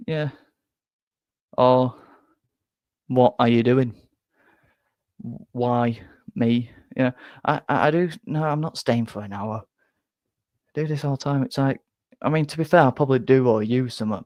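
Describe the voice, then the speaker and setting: A young man hosts a casual football fan live stream and answers viewer comments. He rambles and stumbles, often repeating words as he goes. His voice sits at an ordinary middle pitch, and the recording is dry and close. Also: a little mellow, dry recording. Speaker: fan channel host.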